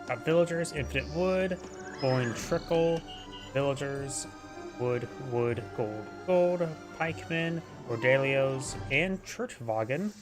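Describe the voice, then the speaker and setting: A male caster talks through a strategy game replay in a loose, rambling way, often tripping over names. His voice sits at a middling pitch. Clear music plays under him. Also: lively intonation, slow pace. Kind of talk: casual replay commentary.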